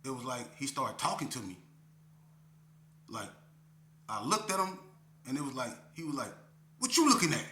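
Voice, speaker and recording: A man with a very bright, sharp voice tells stories in streetwise slang and often checks in with "right?". He gets animated when retelling the action. The sound is roomy and echoey, with a faint hum behind him. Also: medium pitch, normal speed, pauses often. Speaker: interview guest. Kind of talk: casual storytelling.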